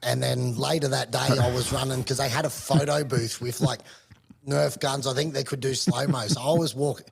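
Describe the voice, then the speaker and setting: A man's voice: medium pitch, fairly even intonation, moderate pace, vocal fry, husky. An Australian man on a podcast, rambling through a story with swearing and laughs. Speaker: podcast co-host. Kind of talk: casual chat.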